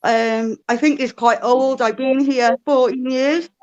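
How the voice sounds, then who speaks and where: A woman's voice: high voice, fairly even intonation, unhurried, darkish tone, muffled recording. A woman calling in to a live video stream, giving short, brief replies in casual chat.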